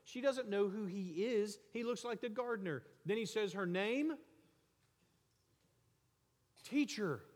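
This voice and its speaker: A man preaching a sermon as pastor, talking in a loose conversational way that jumps from lively stretches to quiet, soft asides. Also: high voice, normal speed, hardly any pauses, long reverb tail.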